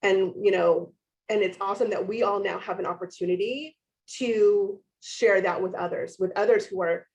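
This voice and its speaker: A woman's voice: mid-range voice, steady tone, moderate pace, darkish tone, poor audio. A woman moderating a panel discussion who introduces speakers and responds to them in an upbeat, affirming way.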